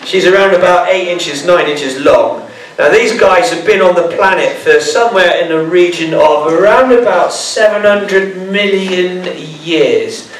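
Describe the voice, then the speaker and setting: A man's voice: high voice, unhurried, slight background noise. A man presenting a live bug show to an audience, joking and playful like a showman. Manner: jokey, playful showman banter. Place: school hall with audience. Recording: echoey hall, mic far off.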